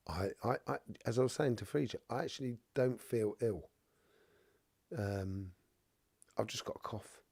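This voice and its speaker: Man, husky, mellow tone, coughing and stuffy, rambling live-stream chat. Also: fairly low pitch, a little slow, pauses often, dry recording. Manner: rambling, full of "you know" asides. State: has a cough and blocked nose. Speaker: spiritual reader hosting a live stream. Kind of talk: casual live-stream chat, reading viewer comments.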